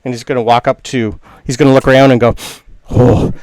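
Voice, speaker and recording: A man's voice: mid-range voice, level tone, racing, darkish tone, dry recording, studio quality. A man narrating a tabletop game as game master, with casual, rambling description and plenty of fillers.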